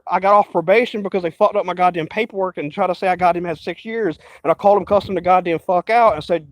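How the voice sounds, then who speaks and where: Brief: high-pitched man, angry profane vlog rant, dry close sound. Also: fast talker, hardly any pauses, dry recording, poor audio. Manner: profane, agitated, repetitive. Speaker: vlogger. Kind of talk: rambling ranting monologue.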